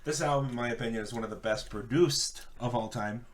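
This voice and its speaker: A man's voice: medium pitch, fairly quick, a little hiss or hum. A man co-hosting a casual podcast, swearing and teasing his friends. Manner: crude, teasing, lively. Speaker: podcast co-host. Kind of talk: casual chat.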